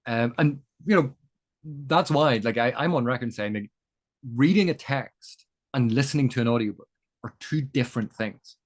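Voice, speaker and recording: Male interview guest, mid-pitched, measured explainer who talks in examples. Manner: thoughtful, lecturing, builds points with examples.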